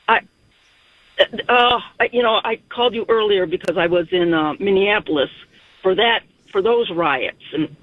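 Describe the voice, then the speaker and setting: A woman calling in to a talk radio show, speaking emotionally and in a rush, her voice climbing high. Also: normal speed, husky, no echo. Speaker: caller. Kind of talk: phone-in talk radio call. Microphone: phone. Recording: tinny phone line.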